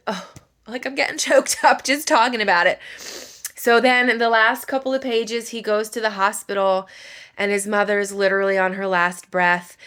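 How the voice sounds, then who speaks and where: A woman's voice: mid-range voice, fairly bright tone, clear, resonant tone. A woman, a mother, chatting casually about a book while doing her makeup, emotional and rambling, full of filler words. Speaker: book vlogger.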